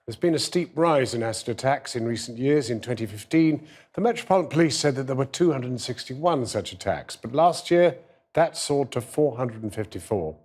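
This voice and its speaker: A male news presenter introducing a report in a formal, steady read. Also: mid-range voice, fairly quick.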